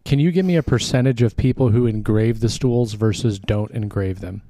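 Male co-host, low and warm, curious questioner, dry close sound. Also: normal speed, dry recording. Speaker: podcast co-host. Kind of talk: casual chat.

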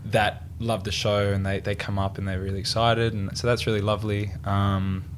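Young Australian male actor, low register, animated anecdotes, light room noise. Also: moderate pace. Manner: animated storyteller, acts out quoted exchanges. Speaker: actor guest. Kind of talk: casual interview chat.

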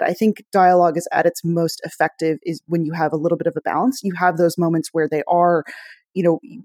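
A podcast cohost giving a measured, thoughtful take, speaking steadily with frequent "um"s. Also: medium pitch, darkish tone, dry recording, studio quality. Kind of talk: casual podcast chat.

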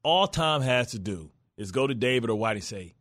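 A man co-hosting a sports radio show, loud and joking, full of playful trash talk. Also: medium pitch, lively intonation, a little fast, dry recording. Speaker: sports radio co-host, former player. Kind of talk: casual sports radio banter.

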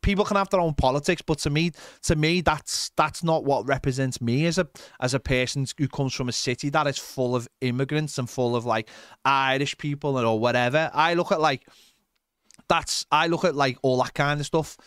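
A man's voice: medium pitch, normal speed, fairly bright tone, clean tone, dry recording. Chatty Scouse man, dry close sound. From Liverpool, England. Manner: emphatic and chatty, says "mate" often. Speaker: podcast co-host. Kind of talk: casual chat.

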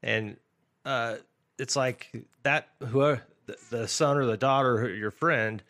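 A man's voice: mid-range voice, measured pace, a bit bright. A man hosting a podcast in casual chat, asking questions and teasing his co-host. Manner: joking, asks questions, teasing.

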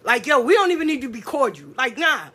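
A woman hosts a casual podcast, talking bluntly and full of profanity. Her voice sits high and bright. She swings widely in pitch and mimics the people she talks about. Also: sing-song, fast, breathy edge. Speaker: podcast host. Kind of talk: casual solo podcast rant.

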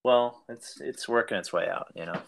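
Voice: mid-range voice, normal speed, vocal fry, slight background noise. A podcast co-host in casual chat, joking and sarcastic, laughing often. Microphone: remote mic.

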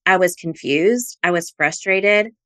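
A woman hosting a podcast about her own court case, reading trial testimony and social media posts aloud in a measured, even way. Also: on the low side.

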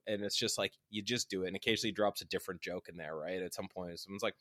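A man's voice: expressive, quick pace, fairly bright tone, dry recording, studio quality. A man chatting casually as a podcast host, rambling with many fillers like "right?" and "like". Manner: acts out quoted voices with big pitch jumps. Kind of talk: casual chat.

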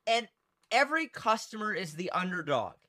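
A high-pitched man with a bright, sharp voice, chatting on a podcast. He tells stories with animation and slips into voices for the people in them. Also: normal speed. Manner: animated storytelling, acts out quoted people. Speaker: podcast co-host. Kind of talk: casual podcast chat.

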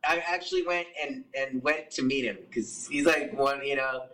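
A man telling a story as a podcast guest, animated and profane, acting out what other people said. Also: mid-range voice, moderate pace, distant mic, poor audio. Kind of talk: casual storytelling.

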